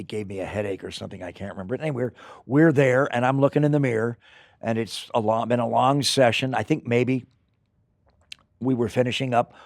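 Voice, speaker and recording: An older man, an actor, telling rambling, animated stories in an interview, with acted asides. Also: fairly low pitch, creaky, no room sound, studio quality. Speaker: actor guest. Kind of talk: anecdotal interview storytelling.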